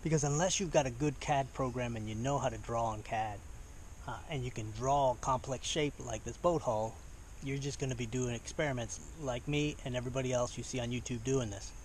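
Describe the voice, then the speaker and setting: A man talking casually through a workshop boat build, often pausing with fillers and restarting his sentences. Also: mid-range voice, a little hiss or hum. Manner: hesitant, many "uh" fillers and restarts.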